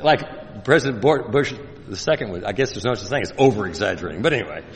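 A man preaching a sermon, animated and joking, with mocking asides in put-on voices. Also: fairly low pitch, quick pace. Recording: reverberant hall.

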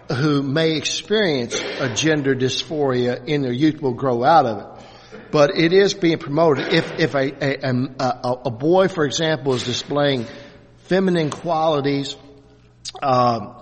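A man in his sixties leading a church class, talking in a halting way with many restarts and fillers. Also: a little high. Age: 60s. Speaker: Bible class teacher. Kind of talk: church class lecture with questions. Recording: reverberant hall.

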